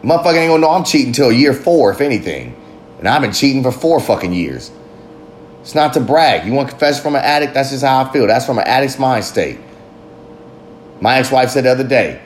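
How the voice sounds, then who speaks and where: A man's voice: medium pitch, lively intonation, brisk, slight background noise. Blunt, profane man in a roomy space. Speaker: father. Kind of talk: candid confessional monologue. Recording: roomy echo.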